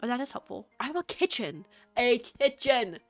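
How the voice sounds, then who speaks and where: A woman's voice: on the high side, very animated, fast talker, dry recording, soft background music. A woman streaming a video game, chatting casually with her viewers, teasing and laughing often.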